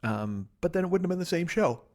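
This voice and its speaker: A man's voice: sits high, animated. A middle-aged man from Chicago hosting a solo podcast from a living room, rambling and profane, stifling yawns as he talks. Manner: rambling, profane, self-mocking, rushes without pausing. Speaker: podcast host. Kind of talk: solo casual monologue. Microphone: laptop and microphone.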